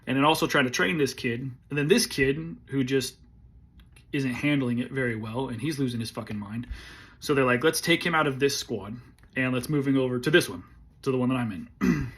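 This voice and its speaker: A man in his forties, an army veteran, telling a story in a casual, laid-back way, swearing freely and often clearing his throat. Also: mid-range voice, fairly bright tone.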